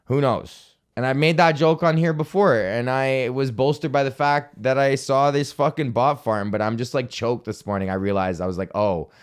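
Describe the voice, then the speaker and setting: A young man hosts his own comedy podcast alone, rambling through a profane, self-deprecating rant. His voice is smooth and clear, at an ordinary pitch for a man. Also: moderate pace, few pauses. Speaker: podcast host.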